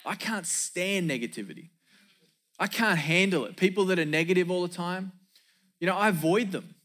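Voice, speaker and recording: A man's voice: high voice, normal speed, a bit bright. A man preaching a sermon as pastor, emphatic, repeating key lines for effect and dropping in joking asides.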